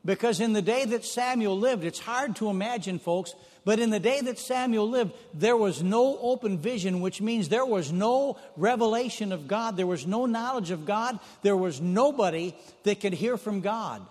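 Male preacher, high-pitched, homey storyteller who circles back on phrases; long hall reverb. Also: expressive, normal speed, hardly any pauses, darkish tone. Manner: folksy storytelling, repeats phrases for emphasis. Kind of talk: sermon.

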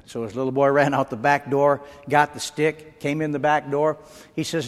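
A man preaches with emphatic, rhythmic call-and-response, his voice sitting a little high for a man. The sound carries the long reverb of a church hall around him. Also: steady tone, normal speed. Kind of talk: sermon with closing prayer.

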